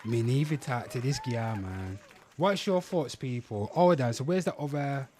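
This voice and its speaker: A man hosting a livestream, reacting to clips in an animated, mock-dramatic way and calling out to viewers. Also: medium pitch, normal speed, slight background noise. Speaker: livestream host. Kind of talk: live reaction commentary.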